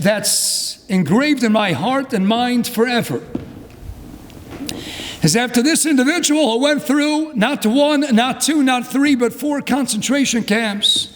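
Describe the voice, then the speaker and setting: Rabbi preaching, very high voice, fervent and swinging between hush and outcry, hall reverb. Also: male voice. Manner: impassioned, swings from low hush to fervent crying-out. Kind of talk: sermon.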